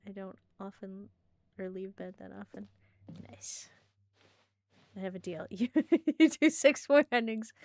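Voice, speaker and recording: Female streamer with excitable, giggly game commentary at a mid-range pitch. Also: dry recording.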